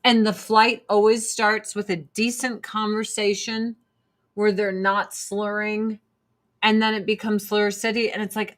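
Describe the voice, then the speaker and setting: A woman's voice: mid-range voice, level tone, unhurried, fairly bright tone. A woman vlogger ranting to camera in a blunt, profane, exasperated way while doing her makeup. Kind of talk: casual ranting chat to camera.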